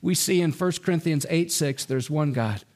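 A man preaching a sermon as pastor, slow and emphatic, with his pitch rising and falling widely for emphasis. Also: darkish tone.

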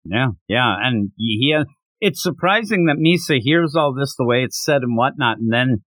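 A man co-hosting a podcast in casual discussion, slipping into quick put-on voices for the characters. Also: mid-range voice, expressive, a bit bright, no room sound. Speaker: podcast co-host.

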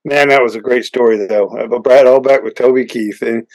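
A man hosting a hunting podcast, telling a long story in a rambling way with many restarts and excited punchlines. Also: mid-range voice, fairly quick, poor audio. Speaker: podcast host. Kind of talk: casual storytelling interview.

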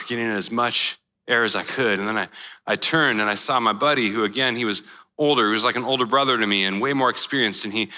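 A man preaching a sermon in a relaxed, conversational way, telling a personal story with casual slang. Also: lowish voice, quick pace, in a large hall. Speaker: pastor.

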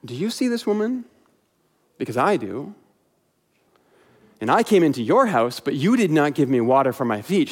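Jesus, tender and earnest, as a preacher reads him. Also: male voice, on the high side. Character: compassionate man gently rebuking his host.

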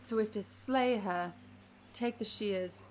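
A woman's voice: medium pitch, measured pace, slight background noise. A woman playing a tabletop game in character, asking dry, sarcastic questions. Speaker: player.

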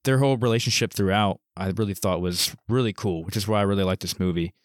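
A man with a lowish voice walks through a movie plot for a podcast. He talks in a relaxed way with fillers. The mic is close and dry. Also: quick pace, no room sound. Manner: relaxed, with fillers while summing up plots. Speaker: podcast co-host. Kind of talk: casual movie discussion.

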